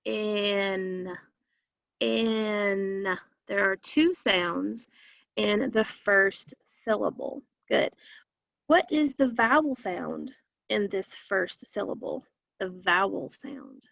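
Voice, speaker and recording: A woman's voice: fairly high pitch, vocal fry, a bit bright, no room sound. A woman teacher giving an online phonics lesson, patient and stretching out words for young learners. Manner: slow, patient, drawn-out words. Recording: dull, lo-fi and dry.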